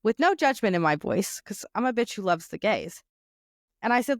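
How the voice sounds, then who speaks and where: A woman's voice: medium pitch, lively intonation, fairly quick, dry recording, clean studio sound. A young woman hosting a podcast, telling a crude comic story in casual chat, a little tipsy from wine. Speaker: podcast host.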